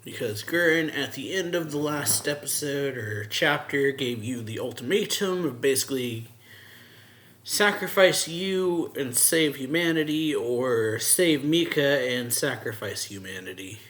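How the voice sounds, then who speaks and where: A man's voice: medium pitch, lively intonation, measured pace, fairly bright tone. Casual man recapping a manga chapter. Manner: recaps scenes by paraphrasing character dialogue with loose fillers. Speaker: manga reviewer, channel host. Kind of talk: casual reaction and review.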